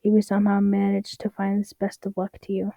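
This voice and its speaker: A woman's voice: medium pitch, completely flat delivery, brisk, vocal fry, dark tone, no room sound, low-quality recording. Young woman casually reading stories aloud. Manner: stumbles and restarts while reading, wry asides. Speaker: story reader.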